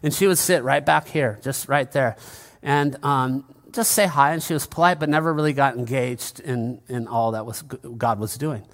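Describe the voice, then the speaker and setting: A man's voice: medium pitch, normal speed, fairly bright tone. A male pastor preaching a conversational sermon in church, often calling out to the congregation.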